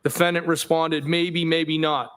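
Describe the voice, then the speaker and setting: A man testifying in a courtroom as a witness, reading out text messages in a measured way and naming the punctuation aloud. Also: a little high, flat delivery, a bit bright, clear, resonant tone. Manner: measured reading aloud, reads punctuation such as "question mark" aloud.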